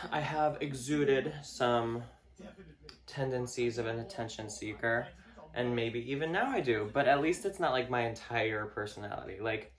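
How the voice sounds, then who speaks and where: A man vlogging a casual rant to camera, swearing often, packing his talk with fillers and mocking other people in a higher voice. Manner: profane, filler-heavy, mocks others in a higher voice.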